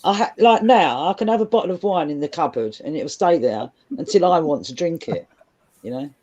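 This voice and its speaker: A woman's voice: low voice, expressive, fairly quick, dark tone. A woman from London with a Cockney accent, chatting casually and telling frank stories with frequent laughs. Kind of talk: casual group chat.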